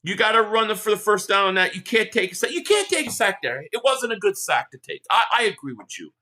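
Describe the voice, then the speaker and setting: A man's voice: high voice, big pitch swings, quick pace, bright, forceful tone. A man hosting a live sports reaction stream, ranting heatedly and with lots of profanity while reading out viewer chats.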